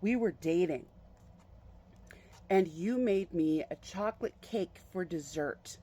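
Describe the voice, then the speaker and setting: A storyteller voicing a good-humored husband who talks calmly and teases gently in a matter-of-fact way. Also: medium pitch, slow pace, slightly rough. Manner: calm, teasing, matter-of-fact.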